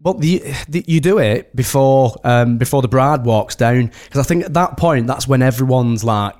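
A man's voice: medium pitch, normal speed, darkish tone. A man from the UK, a wedding host, chatting casually as a podcast guest in a rambling way full of restarts. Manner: rambling, many restarts and "do you know what I mean".

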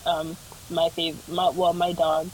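A woman's voice: fairly low pitch, level tone, slow. A young woman co-hosting a casual podcast, laid-back with dry remarks. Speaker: podcast co-host. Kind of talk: casual chat. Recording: noisy recording.

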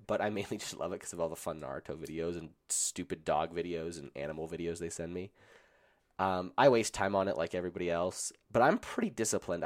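A man hosting a solo podcast, his voice roughened by a cold, talking in an earnest, blunt and encouraging way. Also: low voice. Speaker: podcast host.

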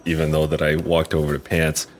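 A man playing in a tabletop game, calm and stern, speaking as his character in deadpan tones. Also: rumbling low, brisk, a little hiss or hum. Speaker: player. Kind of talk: tabletop role-play chat.

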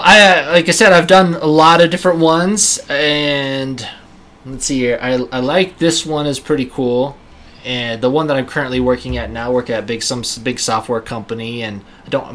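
A man's voice: medium pitch, fairly even intonation, normal speed, fairly bright tone, a little hiss or hum. A young man, a comedian on a podcast, telling a story in a rambling way with many restarts. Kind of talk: casual storytelling.

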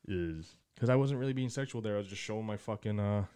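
A man's voice: fairly low pitch, quick pace, mellow, clean tone. A young man in casual podcast chat, laid-back, laughing often and swearing freely. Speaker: podcast co-host.

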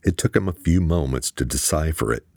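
Very deep, gravelly male narrator. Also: animated, brisk, darkish tone, no echo, clean studio sound. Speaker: audiobook narrator. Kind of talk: scripted narration.

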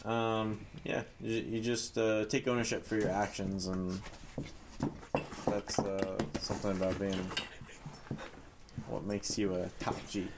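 Man, lowish voice, halting, lots of fillers, casual podcast, clicks behind. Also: level tone, very noisy.

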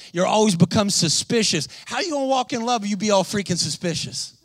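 A man preaching an energetic sermon, animated and exhorting, calling out to the congregation. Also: high-pitched, a little fast, few pauses, dry recording. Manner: animated, exhorting, calls to the crowd.

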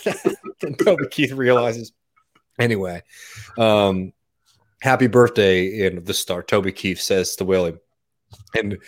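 A man chatting casually on a podcast, telling a long story with lots of fillers and easy laughter. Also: lowish voice. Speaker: podcast guest. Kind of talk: casual chat.

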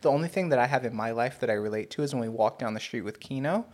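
A man's voice: mid-range voice, fast talker, darkish tone. A man co-hosting a podcast in casual chat, blunt and swearing casually. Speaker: podcast co-host.

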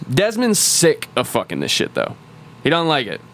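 A podcast co-host rambles casually through a game's story at length, swearing constantly and restarting his sentences. His voice sits a little high, swooping wildly in pitch at a moderate pace with a somewhat bright tone.

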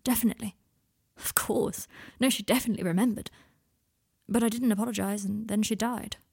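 A woman reading aloud, voicing a tender fatherly man who speaks softly and openly. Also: fairly even intonation, brisk, creaky, slightly rough. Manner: soft, low-key, confiding. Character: gentle male parental figure, tender and open.

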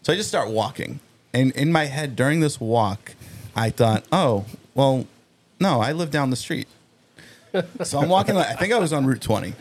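A man's voice: medium pitch, normal speed. A man in his forties, a firefighter and army veteran, telling a story on a podcast and acting out the dialogue as he goes. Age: 40s. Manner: animated storyteller who acts out quoted dialogue. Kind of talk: casual podcast chat, storytelling.

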